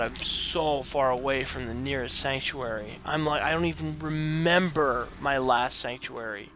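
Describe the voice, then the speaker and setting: A let's play host commentates his own video game play into a desk microphone, talking to himself, reading game text aloud, and yelping and groaning at setbacks. His mid-range voice is a little slow and sharp, with hardly any pauses. A faint hiss or hum is audible.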